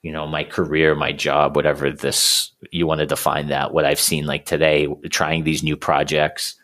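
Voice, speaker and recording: Deep-voiced guy in his thirties, coaching client, lots of likes and ums, keeps restarting. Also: monotone, moderate pace, a bit bright. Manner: rambling, many fillers and restarts. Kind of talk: casual conversation.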